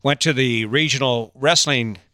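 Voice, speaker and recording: Bright-voiced, teasing older man. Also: medium pitch, normal speed, no room sound, clean studio sound. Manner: teasing, sarcastic, chuckling. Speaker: vlogger. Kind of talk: casual monologue to camera.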